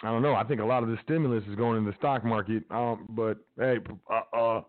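A man's voice: medium pitch, fairly even intonation, fairly quick, dry recording. A man hosting a podcast, mixing read-out news with emphatic casual commentary and slang, talking straight to his listeners. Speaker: podcast host. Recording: dry, phone-like narrow sound with faint music.

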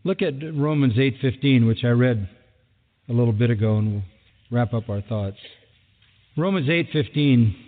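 A man's voice: medium pitch, moderate pace. A man preaching a sermon as a pastor, emphatic and driving points home with repeated phrases. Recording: thin phone-like sound with long hall reverb.

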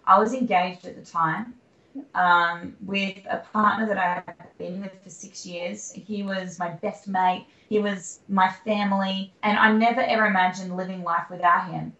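Bright-voiced Australian woman, echoey room. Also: mid-range voice, steady tone, moderate pace, muffled recording. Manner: rambling, with many fillers and restarts. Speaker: guest, singer-songwriter. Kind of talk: candid personal storytelling.

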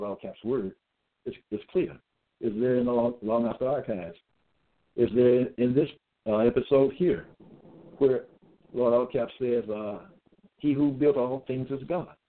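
A man giving a solo religious monologue, reading scripture verses aloud and commenting on each one, often repeating phrases and checking in with "okay?". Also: medium pitch. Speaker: self-styled preacher. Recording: tinny phone-like sound.

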